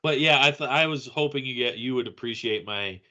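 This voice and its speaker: A man's voice: mid-range voice, brisk, bright, forceful tone. A man in casual podcast chat, rambling a little, laughing often and searching for names as he talks.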